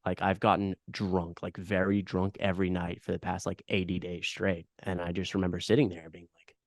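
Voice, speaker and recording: A man's voice: sits low, level tone, brisk, dry recording, studio quality. A young man hosting a podcast, chatting casually with lots of fillers, swearing and eager agreement. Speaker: podcast host.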